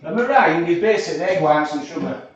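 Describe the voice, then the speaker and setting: A man's voice: on the high side, expressive, fast, dull audio. A man hosting a live cooking stream, chatting to viewers in a rambling, jokey way and often repeating himself. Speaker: cooking livestream host. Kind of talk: casual live cooking chat. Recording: echoey room, voice far from the mic, faint noise.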